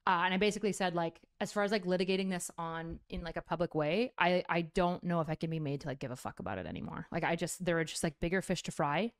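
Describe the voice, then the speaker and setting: A woman's voice: on the low side, fast talker, few pauses. Blunt, profane woman streamer. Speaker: content creator. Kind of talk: clip of casual stream talk.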